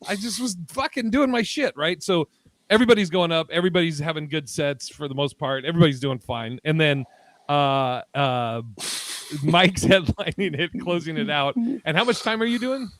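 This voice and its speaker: Animated, swearing podcast host man. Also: on the high side, normal speed, dry recording. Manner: animated storyteller, acts out quotes, swears a lot. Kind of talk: casual chat.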